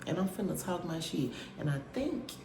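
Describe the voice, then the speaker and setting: A woman with a deep, low voice tells her story straight to the camera, blunt and full of cussing. She drives her points home by repeating them. Her voice bounces around an echoey room, with loud background noise running underneath. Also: very animated, moderate pace, creaky. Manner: blunt, profane, emphatic with repetition. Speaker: vlogger. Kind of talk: casual storytelling rant to viewers.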